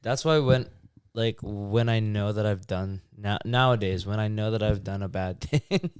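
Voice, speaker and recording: A man's voice: on the low side, moderate pace, smooth, no room sound, studio quality. A young man co-hosting a podcast, talking in a thoughtful, laid-back way with many likes. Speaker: podcast co-host. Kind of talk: casual reflective chat.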